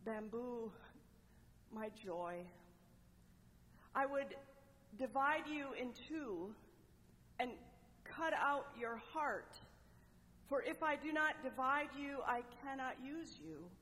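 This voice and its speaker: A woman voicing a grave, loving male master of a garden in a parable who speaks slowly and tenderly. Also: high-pitched, lively intonation, fairly bright tone, big-room sound, exaggerated voice. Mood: grave tenderness.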